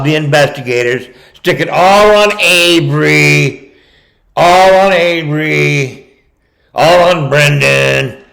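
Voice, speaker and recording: A man's voice: fairly high pitch, gravelly, a bit bright, rough recording. A man giving ranting true-crime commentary, combative and profane, talking straight at the person he criticizes. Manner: combative, profane, addresses his target directly.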